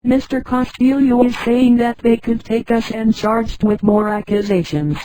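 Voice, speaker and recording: A computer-voiced woman reading the lines of a blunt, restless man who craves city life, in a flat delivery. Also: on the high side, unhurried, lightly acted, rough recording.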